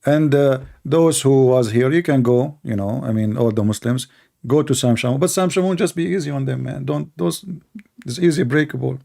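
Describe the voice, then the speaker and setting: Gravelly, hoarse, combative male streamer. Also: medium pitch, moderate pace, warm tone. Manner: heated, mocking, combative. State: hoarse from shouting. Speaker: host of a live call-in debate stream. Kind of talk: live-stream monologue.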